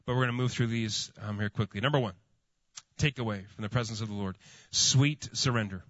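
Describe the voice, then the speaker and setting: A man's voice: fairly low pitch, steady tone, quick pace, no echo. A man preaches a sermon, telling a long personal story full of fillers and restarts. His voice is dry and close. The sound is slightly muffled. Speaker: pastor.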